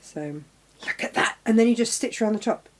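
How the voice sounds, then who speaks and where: A woman's voice: on the high side, expressive, fairly quick, noisy background. A middle-aged woman hosting a live sewing demonstration, chatting casually, talking to her tools and exclaiming as she goes. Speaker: crafting show host.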